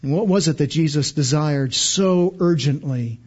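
A man with a high voice preaches a sermon in an emphatic, earnest way. He doubles back on his words to press each point home. The recording is a bit dull and muffled. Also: unhurried, a little mellow. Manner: emphatic, repeats words for stress, frequent restarts. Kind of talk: expository sermon.

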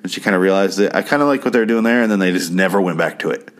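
Sarcastic low-voiced guy ranting. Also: racing. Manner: sarcastic, crude, rambling, mimics characters in high voices. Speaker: TV show recapper. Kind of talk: casual spoken TV recap.

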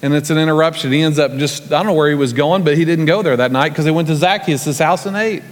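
A man preaching as a guest, telling folksy stories in a relaxed, conversational way and acting out the scenes. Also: a little high, quick pace. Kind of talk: storytelling sermon. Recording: long reverb from a large church hall.

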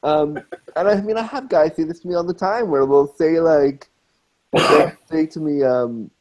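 A man's voice: a little high, normal speed, darkish tone, rough recording. A man in casual conversation, talking frankly and emphatically, repeating words to drive his points home. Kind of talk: casual chat.

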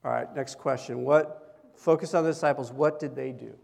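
A man's voice: mid-range voice, fairly even intonation, normal speed, gravelly, a little mellow. A male pastor preaching a sermon in a conversational way, often putting questions to the congregation. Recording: long hall reverb.

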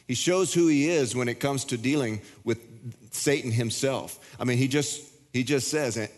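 Folksy preacher in a big hall. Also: male voice, medium pitch, moderate pace. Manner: folksy, joking, plain-spoken preaching. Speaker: pastor. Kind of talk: sermon. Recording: long reverb of a big hall.

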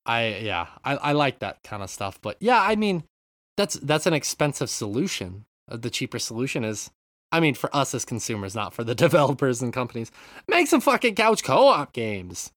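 A man's voice: medium pitch, lively intonation, brisk, a bit bright, no room sound, clean studio sound. A man hosting a casual gaming podcast, rambling, swearing freely and reading out listener comments. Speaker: podcast host.

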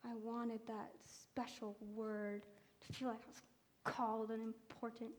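A woman preacher with a slightly high voice tells a personal testimony from the pulpit. Her delivery is earnest and conversational, full of small fillers and restarts. She sounds like she is talking with the congregation, not reading to them. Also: level tone, a little slow.

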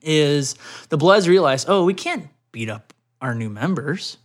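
A man co-hosting a casual podcast, reading out news stories and joking, often trailing off quietly. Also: animated, unhurried. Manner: bursts into loud high put-on chants and quotes, trails off quietly.

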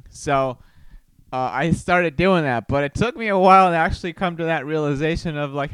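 Male podcast host, home mic, rambling and playful, fairly high smooth voice, dry sound. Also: fairly bright tone, no echo. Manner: rambling, playful, does silly voices and quick exclamations. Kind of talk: casual solo podcast musing. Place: home room. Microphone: studio microphone.

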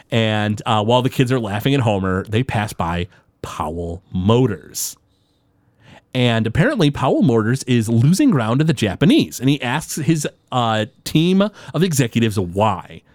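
A man co-hosting a podcast, recapping a TV episode in an animated, storytelling way with frequent fillers and restarts. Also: mid-range voice, normal speed, no room sound. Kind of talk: casual chat recapping a TV episode.

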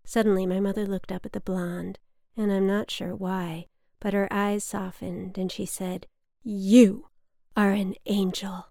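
Woman narrator, personal memoir read close and dry, reflective, gravelly. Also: medium pitch, little pitch movement, dark tone, no room sound. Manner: measured, wry, reflective. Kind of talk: reading a personal story aloud.

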